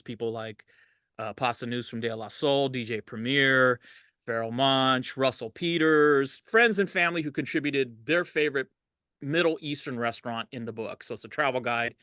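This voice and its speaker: A middle-aged DJ from Los Angeles tells stories as a guest in a casual interview, his medium-pitched voice pushed, bright, clear and resonant. He's laid-back and laughs often, livening up when quoting people, in an echo-free, studio-quality recording.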